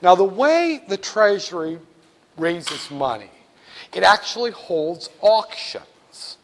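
A man giving a classroom lecture in an animated, joking way, talking straight to his students. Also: high voice, slow. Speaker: teacher.

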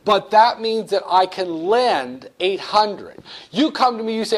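Lively high-voiced male lecturer. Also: unhurried. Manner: animated, joking, acts out dialogues with students. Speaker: economics lecturer. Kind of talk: classroom lecture.

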